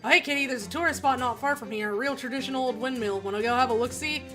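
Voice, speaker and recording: A woman streamer playing a game, reading its text aloud in a chatty, giggly, halting way. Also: sits high, over music.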